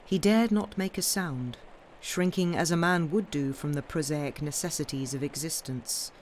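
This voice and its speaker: A woman reading a sea story aloud in a measured way, now and then stumbling and correcting herself. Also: low voice, a little mellow, slight background noise. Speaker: reader. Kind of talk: audiobook-style story reading, livestreamed.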